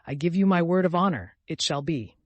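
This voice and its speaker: Brief: male narrator playing a furious, humiliated gentleman, high and loud, shouting at a servant, dry studio sound. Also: expressive, brisk, no room sound, dull audio. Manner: shouting, agitated, repeating himself.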